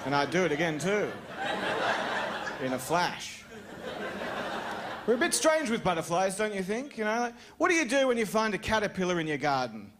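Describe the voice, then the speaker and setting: An Australian man doing a stand-up comedy set on a club stage, chatty and animated, slipping into put-on voices for his bits. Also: sits high, moderate pace, pauses often.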